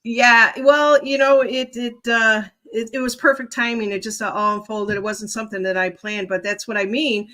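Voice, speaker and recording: Female guest, higher voice, bright, rambling and hesitant on a video call. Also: steady tone, moderate pace, few pauses. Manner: rambling, hesitant, laughs easily. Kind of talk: casual interview chat. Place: home.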